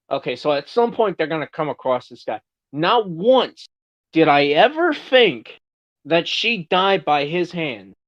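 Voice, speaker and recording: A man hosting a podcast, casually retelling a story with plenty of swearing. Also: on the high side. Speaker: podcast host. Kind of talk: casual chat. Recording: dull lo-fi sound.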